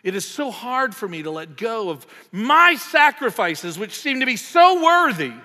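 A man preaching a sermon with passion. He swells loud on emphatic lines, then drops low and quiet. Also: very animated, unhurried, few pauses. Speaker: pastor. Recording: long hall reverb.

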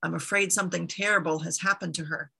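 A woman's voice: on the low side, steady tone, fast, vocal fry, bright, forceful tone, slightly rough, exaggerated voice. A woman voicing a faithful, worried female friend of a goddess, pleading for help. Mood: urgent. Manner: urgent, pleading.

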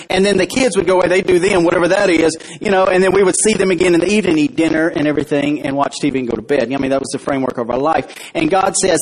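Husky high-voiced male pastor preaching. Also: poor audio. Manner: conversational preaching with questions to the congregation. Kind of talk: sermon. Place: church.

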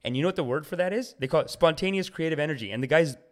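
Man, podcast guest, very fast talker, animated, laid-back chat. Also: on the high side. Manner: rapid, animated, says "dude" often. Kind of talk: casual chat.

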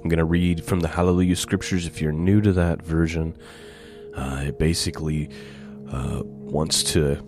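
A man giving a relaxed, conversational Bible teaching, reading scripture aloud with rising emphasis. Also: very deep voice. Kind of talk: conversational Torah portion teaching.

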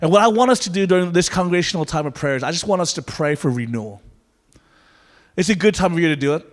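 High-voiced pastor in a reverberant hall. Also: male voice, animated, fast talker. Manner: conversational, playful asides, then earnest prayer. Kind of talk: sermon. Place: church sanctuary.

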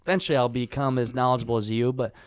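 A man hosting a podcast interview, chiming in with quick, affirming reactions and posing questions. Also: medium pitch, steady tone, clean tone, dry recording. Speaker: podcast host.

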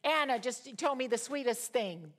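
Woman, 60s, Bible study teacher, a touch high-pitched, chatty and animated storyteller. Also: moderate pace. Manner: animated storyteller, swings between loud exclamations and quiet asides; chatty, addresses the audience directly.

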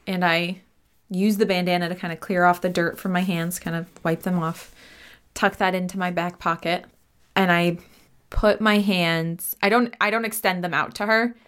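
A woman's voice: on the low side, fairly even intonation, moderate pace, fairly bright tone, clean tone. Chatty woman player in a tabletop game. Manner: chatty, describes her actions in detail. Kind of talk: casual tabletop role-play.

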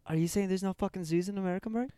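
Man hamming up a foul-mouthed Aussie zoo worker, mate after every line, pitched a bit high, close dry sound. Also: very animated, fast, mellow, no room sound. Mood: brash. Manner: swears constantly, says mate every line.

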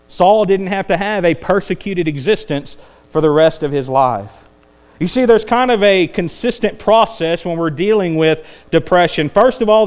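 A man preaching a sermon, climbing to intense peaks and then dropping low and quiet. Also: smooth. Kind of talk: evening sermon.

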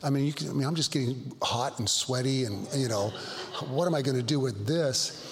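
A middle-aged male pastor telling stories in a Bible study, earnest and halting, with frequent restarts. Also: mid-range voice. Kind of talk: Bible study talk, storytelling. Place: church hall. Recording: long hall reverb.

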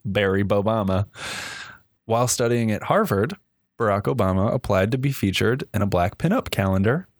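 Low-voiced guy on a comedy podcast, swearing and joking, dry close sound. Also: lively intonation, fairly quick, no room sound. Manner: jokey, swears often, jumps into high-pitched impressions. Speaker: podcast co-host. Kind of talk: casual comedic chat.

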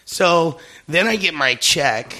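Man, comedic storyteller on a podcast, lively bright voice, acts out every quote. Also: fairly high pitch, slow. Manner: animated, acts out quotes, laughs often. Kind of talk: casual podcast chat, storytelling.

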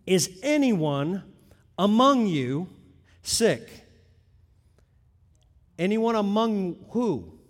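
A middle-aged man with a high voice preaches through a teaching sermon. He leans hard on key words, then drops to softer asides, and his voice rings with the long reverb of a big hall. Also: sing-song, extremely slow, long pauses. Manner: emphatic, swings between loud stresses and quiet asides. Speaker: pastor.

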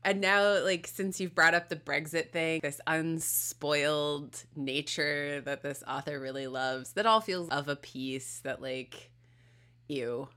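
A woman's voice: low-pitched, takes it slowly, sharp tone. A woman co-hosting a podcast, joking sardonically in casual chat. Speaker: podcast co-host.

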